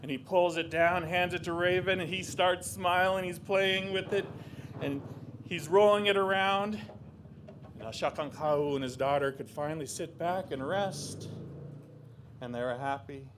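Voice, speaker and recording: Guy telling an old story out loud, very animated, does sound effects, slightly high pitch. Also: a little slow, a little hiss or hum. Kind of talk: live oral storytelling.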